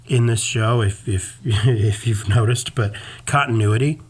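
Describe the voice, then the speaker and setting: A man's voice: mid-range voice, measured pace, breathy edge. A man co-hosting a wrestling podcast, chatting casually in a rambling, opinionated way with plenty of fillers. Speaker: podcast co-host. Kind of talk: casual chat.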